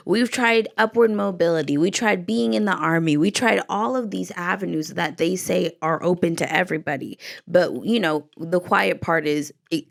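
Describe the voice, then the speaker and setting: A fervent American woman delivers solo podcast commentary, stacking up repeated phrases to press each point. Her voice sits low, with a gravelly edge, and the recording is close and dry. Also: no room sound. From United States. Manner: impassioned and rhetorical, hammering points through repetition. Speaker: podcast host.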